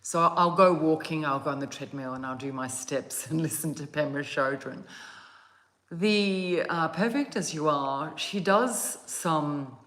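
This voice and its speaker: Slow low-voiced woman vlogging gently. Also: echoey room. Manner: soft, gentle and meandering, with yawns. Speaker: meditation channel host. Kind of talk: casual chat to viewers. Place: at home, outdoors on a calm day.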